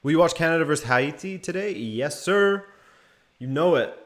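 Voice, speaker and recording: A young male stream host, with a voice on the high side and a normal pace, commentates a match live for a watch-along. His tone is relaxed as he calls the play and handles chat.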